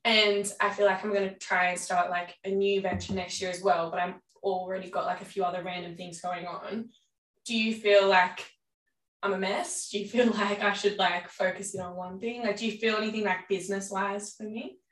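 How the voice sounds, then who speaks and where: A young woman who is sick and still getting her voice back chats about herself, laughing at herself as she goes. Her voice is bright. She sits back from the mic in a room with a lot of echo. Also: mid-range voice, flat delivery, normal speed, recorded from a distance. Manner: giggly, self-deprecating. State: recovering from lost voice, sick. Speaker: guest receiving a reading. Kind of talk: casual chat.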